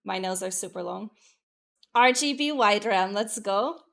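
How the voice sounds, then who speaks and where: A woman VTuber streamer chatting casually with her live viewers, excitable and profane, jumping between loud bursts and muttered asides. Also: mid-range voice, measured pace, creaky.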